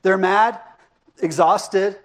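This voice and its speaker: A man's voice: high-pitched, steady tone, very slow. A middle-aged man preaching a sermon as a pastor, talking casually and asking his congregation questions. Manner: conversational, asks the congregation questions. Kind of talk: interactive sermon.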